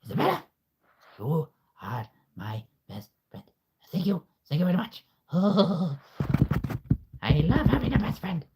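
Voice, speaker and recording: A man voicing a cheerful, affectionate ice spider in a high, sing-song voice during a livestream. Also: big pitch swings, measured pace, pauses often, darkish tone, a little hiss or hum, heavily acted. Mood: gushing. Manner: squeaky, sing-song, gushing. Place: home livestream.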